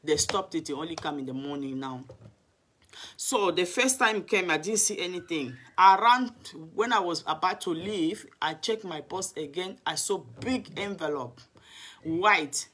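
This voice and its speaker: A woman's voice: on the low side, expressive, measured pace, fairly bright tone, breathy edge. A woman evangelist telling her personal testimony, earnest and emotional, often restarting her sentences. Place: home in London.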